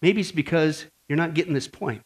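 A man preaching a sermon in a folksy, animated way, full of rhetorical questions and a told joke. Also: a little high, fairly quick, husky. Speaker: pastor.

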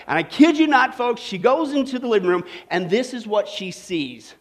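A man preaching a sermon, telling a funny story with lively asides and frequent "okay?" check-ins. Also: high-pitched, a little fast, hardly any pauses. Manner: joking storyteller, animated, many "okay?" and "right?" asides. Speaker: pastor.

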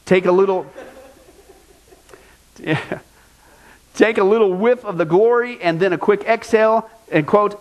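Animated preaching man. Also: high voice. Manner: animated preaching, mocking impressions. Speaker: pastor. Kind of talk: sermon.

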